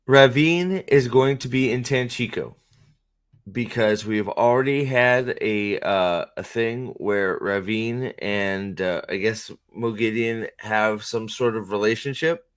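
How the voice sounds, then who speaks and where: A man's voice: lowish voice, slow. A man hosting casual fan commentary, rambling and profane, and often cutting himself off mid-thought. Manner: rambling, profane, self-interrupting. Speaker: host.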